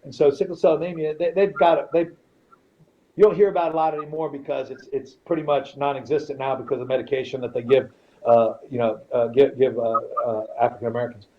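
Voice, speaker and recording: A man's voice: medium pitch, quick pace. A middle-aged man on a podcast, telling a story in casual, profane talk and acting out the people in it. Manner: profane, animated, quotes people in his stories. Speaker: podcast guest. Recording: slightly dull podcast audio, faint noise.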